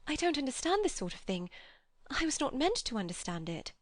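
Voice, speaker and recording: A woman reading the part of a flustered, proper young woman who speaks in a quick, stiff, defensive way, in an audiobook. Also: high voice, big pitch swings, no echo, clean studio sound, voice pushed up. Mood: bewildered.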